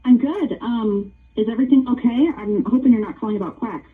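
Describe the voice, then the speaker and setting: A woman's voice: fairly high pitch, fairly quick, slightly rough. Agitated woman on a tinny phone line. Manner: anxious, then indignant and threatening. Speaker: prank call target. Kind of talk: phone call.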